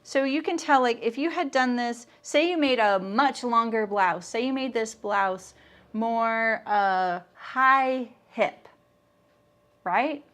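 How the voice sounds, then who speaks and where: A woman's voice: a little high, takes it slowly, a bit bright. A middle-aged woman teaching a live sewing demonstration, chatting and answering viewer comments as she works. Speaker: sewing instructor.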